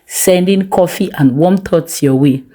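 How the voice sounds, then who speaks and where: A woman voicing a charming, smooth-talking male online suitor who speaks in a warm, relaxed, flattering way. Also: lowish voice, measured pace. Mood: flirty.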